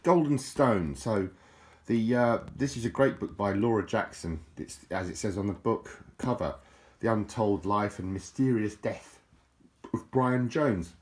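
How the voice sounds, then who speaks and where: A man's voice: fairly low pitch, measured pace. A man, rambling chattily and self-mockingly as he shows a book and talks about it. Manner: rambling, chatty, self-deprecating, many restarts and fillers. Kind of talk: casual rambling book show-and-tell.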